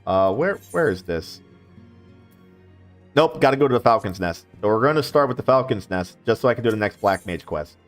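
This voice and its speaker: A man casually commenting on his gameplay, mumbling low-key asides to himself. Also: expressive, brisk, faint music behind. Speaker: gamer.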